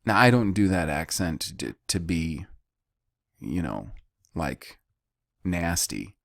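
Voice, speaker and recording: A man with a low, deep voice leads a Bible study at an unhurried pace. He teaches deliberately, pausing between phrases and repeating key words. The recording is close and dry. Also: very animated, creaky, dry recording.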